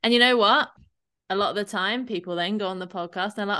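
A woman's voice: medium pitch, fast, pushed and bright, clear, resonant tone. A woman co-hosting a podcast as a fitness coach, talking bluntly and animatedly, sometimes swearing and acting out other people's voices. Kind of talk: casual podcast chat.

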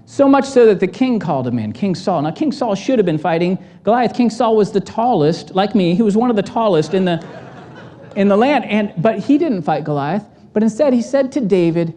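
A woman pastor delivering a sermon, animated and acting out the voices in the story. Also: mid-range voice, brisk.

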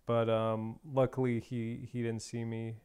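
Smooth-voiced young man telling a story. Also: medium pitch, little pitch movement, measured pace, a little mellow. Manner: rambling storyteller, many fillers and restarts. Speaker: podcast co-host. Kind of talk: casual chat.

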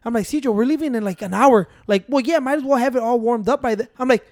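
A man's voice: extremely high pitch, fast talker, darkish tone, dry recording, studio quality. Profane, laughing code-switching man. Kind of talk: casual chat.

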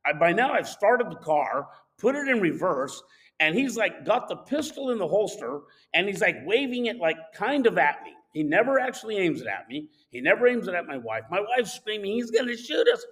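A man casually telling a personal anecdote, animated and acting out the shouting of people in it. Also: high voice, moderate pace, rough recording. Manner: animated, acts out shouted quotes. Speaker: storyteller.

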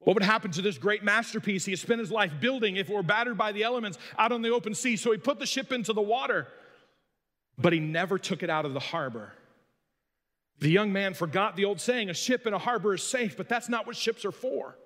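A man preaching a sermon as pastor, swinging between loud emphasis and quiet asides. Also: high-pitched, fairly quick, long reverb tail.

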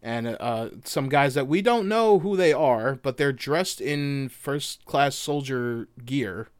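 A man's voice: medium pitch, slow, clean tone, no room sound, studio quality. A man co-hosting a podcast, loose and chatty, swearing casually as he breaks down a video game. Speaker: podcast co-host.

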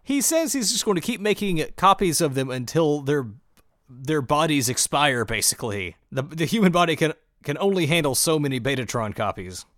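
Animated, lively-pitched man recapping on a podcast. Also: normal speed, no echo, clean studio sound. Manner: animated storyteller, mock-outraged. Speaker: podcast co-host. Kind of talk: casual episode recap chat.

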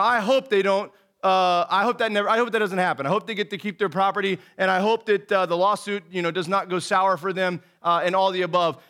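A man in his thirties, an associate pastor giving a casual, earnest sermon full of folksy stories, saying "man" over and over. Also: sits high. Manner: folksy storytelling, says "man" and "dude" constantly; animated and earnest.

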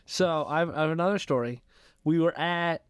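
A high-voiced young man tells childhood stories in a casual podcast chat, animated and laughing as he talks. His voice is recorded close and dry, with no room sound behind it. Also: fairly quick, clear, resonant tone, no echo. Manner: animated, swears, laughs often. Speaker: podcast co-host.

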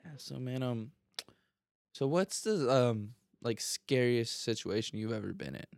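Young man, casual podcast chat, profane storyteller, laughs a lot, medium pitch, dry close sound. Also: expressive, a little slow, creaky, darkish tone, no room sound. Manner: laid-back storytelling, profane, laughs often. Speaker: podcast co-host.

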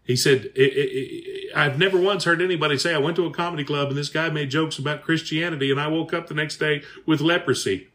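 A man's voice: fairly high pitch, fairly even intonation, fast talker, few pauses, a bit bright. A male podcast host, telling stories in a folksy, drawling way and reading sponsor ads. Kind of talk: casual chat with ad reads.

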